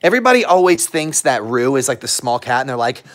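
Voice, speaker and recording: A young man hosting a casual livestream, chatting playfully and talking softly to his pets between answers. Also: mid-range voice, very animated, quick pace. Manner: playful, talks to his pets in soft baby talk and voices their thoughts. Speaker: livestream host with dogs.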